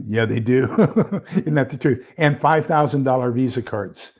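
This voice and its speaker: Man, gravelly voice, casual livestream talk, rambling, lots of fillers. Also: mid-range voice, unhurried, a little mellow. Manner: rambling, filler-heavy, reads aloud while fumbling with screen share. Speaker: livestream host. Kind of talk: casual live-stream commentary.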